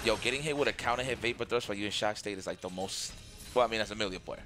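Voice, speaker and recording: A man's voice: lowish voice, rapid-fire, sharp tone. A man giving casual, reactive color commentary on a live fighting game match. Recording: music playing under the voice.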